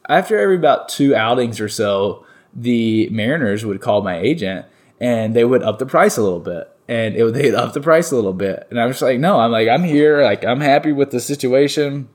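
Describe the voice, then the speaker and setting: A young man from North Carolina, a baseball player, telling stories in a relaxed interview, rambling with lots of fillers and restarts. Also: lowish voice. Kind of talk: casual interview storytelling.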